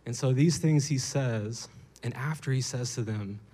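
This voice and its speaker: Animated young male preacher. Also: mid-range voice, unhurried, breathy edge. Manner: animated, playful storytelling with acted voices. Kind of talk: lively sermon.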